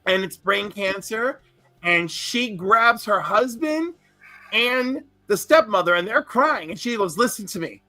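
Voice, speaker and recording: A man's voice: sits high, expressive, takes it slowly, bright, forceful tone, dry recording, faint music behind. A man in casual podcast chat, telling a long personal story in a rambling, earnest way and swearing freely. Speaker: podcast co-host.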